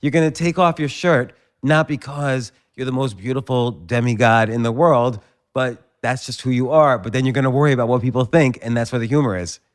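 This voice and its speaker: A man hosting a podcast interview, talking quickly and analytically as he sums up his guest's stories. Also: medium pitch. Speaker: podcast host. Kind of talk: interview conversation.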